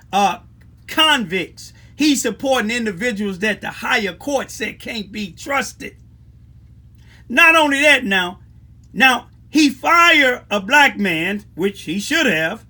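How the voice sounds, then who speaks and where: A man's voice: very high voice, pushed and bright. A man giving an impassioned live political rant to his viewers, repeating himself and calling them y'all. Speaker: local political commentator.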